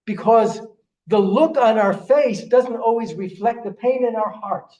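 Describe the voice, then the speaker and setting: In an echoing synagogue sanctuary, an older rabbi preaches from a distance, his high, warm voice moving a little slowly. His sermon is earnest storytelling, punctuated by repeated restarts of his words.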